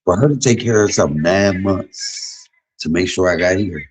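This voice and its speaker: A man's voice: deep voice, moderate pace, husky, rough recording. A man in his fifties telling blunt, profane stories in a candid livestream monologue. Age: 50s. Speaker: livestream host.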